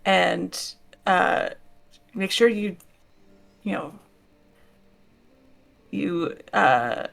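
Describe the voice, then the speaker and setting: A woman voicing a caring young woman adventurer who speaks softly and reassuringly, holding back tears. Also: on the low side, animated, extremely slow, creaky, pauses often, exaggerated voice. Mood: tender.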